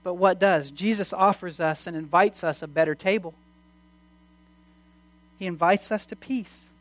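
A preacher giving a sermon, reading scripture slowly and swinging between hushed and loud emphasis, with frequent restarts. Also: mid-range voice. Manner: reads scripture aloud slowly.

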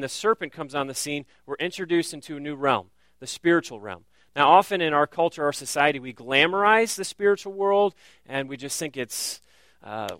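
Bright-voiced male pastor preaching earnestly. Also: fairly high pitch, no echo. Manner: earnest preaching, piling up rhetorical questions. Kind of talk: sermon.

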